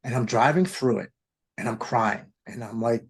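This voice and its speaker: Husky-voiced man telling his testimony. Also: medium pitch, moderate pace. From Maryland, United States. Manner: earnest and emotional, quoting his own past thoughts aloud. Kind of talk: personal testimony storytelling.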